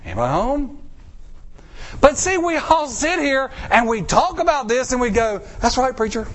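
A middle-aged male pastor, preaching a sermon, acting out quotes and slowing down for emphasis. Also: very high-pitched. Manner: animated preaching with acted-out quotes and drawn-out pauses.

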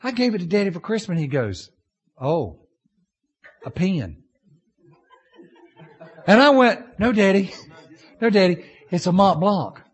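Animated preacher man, lively pitch. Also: a little fast, slightly rough. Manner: animated storytelling preacher, swings between loud bursts and low asides. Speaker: pastor. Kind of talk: sermon.

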